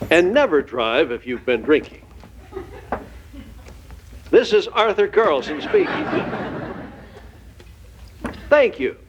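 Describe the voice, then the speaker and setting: A man's voice: fairly high pitch, huge pitch swings, exaggerated voice. An actor playing a stiff male station manager reading a solemn message on air. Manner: slow, solemn announcing. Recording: dull, noisy radio playback.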